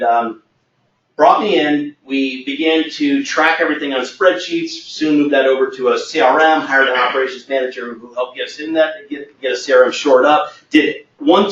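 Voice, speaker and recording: A man's voice: mid-range voice, normal speed, a bit bright. A man as a sales trainer, telling a workplace anecdote in a training webinar and acting out the quoted dialogue. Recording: echoey, distant, muffled.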